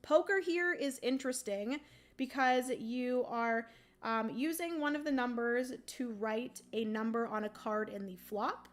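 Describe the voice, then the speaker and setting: Unhurried and a little high in pitch, a woman hosting a board game livestream talks through the rules casually, with many ums as she thinks aloud. She keeps clearing her throaty morning voice.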